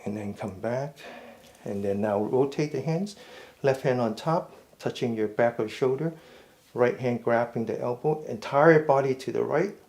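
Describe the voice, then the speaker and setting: A man leads a mindful fitness class in a mid-pitched voice. He gives slow, step-by-step cues for each stretch and often checks in with a quick "okay?". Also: a little mellow. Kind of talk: guided stretching instruction.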